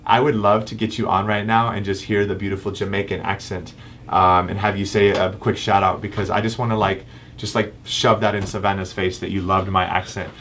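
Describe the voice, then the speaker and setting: A man's voice: low voice, little pitch movement, fairly quick, a bit bright, a little hiss or hum. A man in his thirties, a chiropractor hosting a casual live Q&A and answering viewer comments with frequent ums. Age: 30s. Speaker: chiropractor host.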